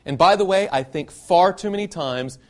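Animated man preaching to young people. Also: high-pitched, moderate pace. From Southern United States (Nashville, Tennessee). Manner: animated, asks the audience many rhetorical questions. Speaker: youth speaker. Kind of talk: sermon-style talk to young people.

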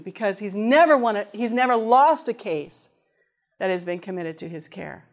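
A woman's voice: medium pitch, moderate pace. A middle-aged woman preaching a sermon in an earnest way, reading scripture aloud and asking her listeners questions.

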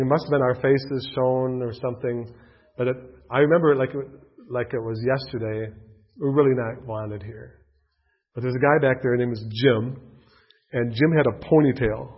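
Husky man telling a rambling story. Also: medium pitch, normal speed. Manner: rambling, animated storytelling with restarts. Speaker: speaker telling his faith story. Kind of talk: personal storytelling talk. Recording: dull lo-fi recording.

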